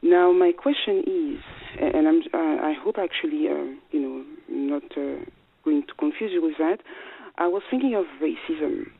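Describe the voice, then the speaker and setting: A woman with a French accent calls in over a thin, tinny phone line. Her voice is husky, and she speaks haltingly, often stopping to restart a thought. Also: low voice, no room sound. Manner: hesitant, many fillers and restarts. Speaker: caller. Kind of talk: call-in question.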